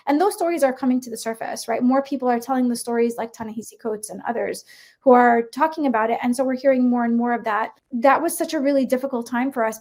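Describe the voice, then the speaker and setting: Impassioned high-voiced woman. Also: a little mellow. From United States. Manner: impassioned, emphatic, frequent rhetorical "right?". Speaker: guest educator. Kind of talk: podcast interview.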